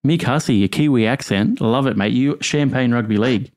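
A man's voice: medium pitch, brisk, darkish tone. A man hosting a call-in podcast, chatting casually and laughing easily with co-host and callers. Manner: friendly, banters and laughs easily.

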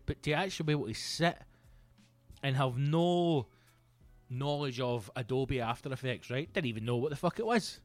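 Scottish guy in his 30s ranting about stuff on his podcast, loud and sweary, dead dry mic, bit of music faint underneath. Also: mid-range voice, dry recording. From Scotland. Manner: animated, sweary, rambling storytelling. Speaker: comedian podcast host. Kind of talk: solo comedic monologue.

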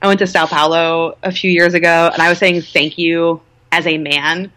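A woman in her thirties with a low, deep-set voice, speaking as an interview guest. She talks in a chatty, candid way and pokes fun at herself. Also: fairly even intonation, brisk, sharp tone. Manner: chatty, candid, self-deprecating. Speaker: guest, nonprofit co-founder. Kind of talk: casual conversational interview.

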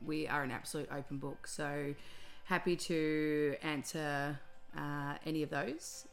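A woman's voice: deep voice, a bit bright. A woman hosting a podcast who delivers a breezy, offhand outro. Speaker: podcast host reading the outro.

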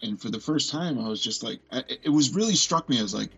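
A man in his forties telling a personal story as a podcast guest, earnest and halting, often restarting and filling with "like". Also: medium pitch, animated, creaky, a bit bright, breathy edge, dull audio. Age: 40s.

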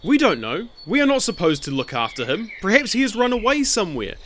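A man doing squabbling young brothers, all high-pitched and quick, tossing blame back and forth. Loud and defensive, each voice cuts in on the last. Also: very animated, slight background noise. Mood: defensive bickering. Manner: bickering, defensive.

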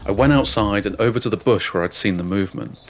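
Deadpan man telling a comic story. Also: on the low side, quick pace, slight background noise. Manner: deadpan, wry asides. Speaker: narrator. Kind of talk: comic first-person storytelling.

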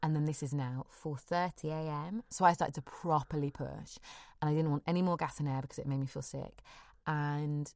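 A woman's voice: low-pitched, steady tone, moderate pace, darkish tone, no room sound, studio quality. A woman telling a personal story frankly and with animation in casual chat, swearing freely.

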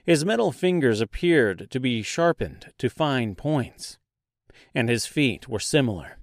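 A man narrating a dark fantasy audiobook in a slow, deliberate storytelling manner. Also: mid-range voice, big pitch swings, no room sound, studio quality.

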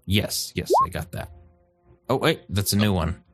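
A man running a tabletop game as game master, talking slowly with many pauses and fillers and chuckling often. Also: low voice, animated, a bit bright. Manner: slow, halting, lots of fillers, chuckles often.

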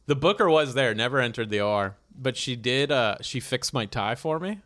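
A man's voice: medium pitch, animated, normal speed, a bit bright. A man chatting casually as a comedian, rambling and self-deprecating. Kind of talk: casual podcast chat.

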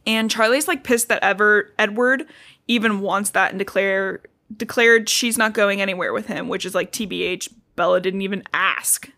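A woman's voice: medium pitch, normal speed, bright, forceful tone. A woman co-hosting a podcast, recapping a book chapter in casual, sarcastic chat full of swearing and "like.".

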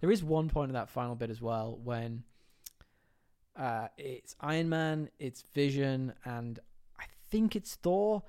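A man chatting casually about movies as co-host of the show. He talks in bursts, restarts his sentences often and jumps into animated quoted lines. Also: mid-range voice, measured pace, clear, resonant tone. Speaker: podcast co-host. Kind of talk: casual film chat.

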